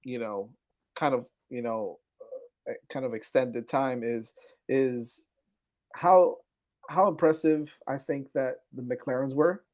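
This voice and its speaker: A man's voice: mid-range voice, takes it slowly, darkish tone. A man hosting a casual motorsport podcast, rambling with lots of fillers and laughing along with his co-hosts. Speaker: podcast host. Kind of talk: casual sports chat.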